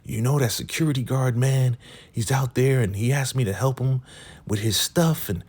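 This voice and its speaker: A man voicing a nervous young man who talks fast and urgently. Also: medium pitch, a little mellow, pitched above the performer's own voice, natural voice. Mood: alarmed.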